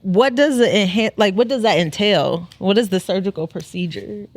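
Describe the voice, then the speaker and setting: A woman, co-hosting a podcast in casual chat, laughing, teasing and reacting quickly. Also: mid-range voice, dry recording. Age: 30s. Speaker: podcast co-host.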